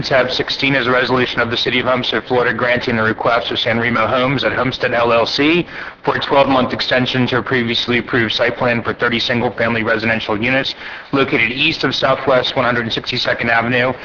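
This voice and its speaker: A man presiding over a city council meeting, moving through agenda items in a level, even tone with a bright, forward voice. The audio is muffled and slightly dull, with a faint steady hiss under it. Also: medium pitch, brisk. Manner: formal, procedural reading with brief hesitations. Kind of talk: chairing a city council meeting, reading resolutions aloud.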